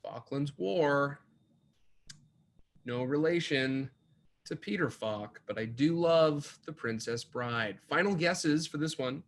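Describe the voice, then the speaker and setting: Upbeat guy running online trivia, bouncy pitch, goofy little jokes between questions. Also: animated, slow. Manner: upbeat, repeats each question, jokey asides. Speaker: trivia host. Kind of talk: online quiz hosting.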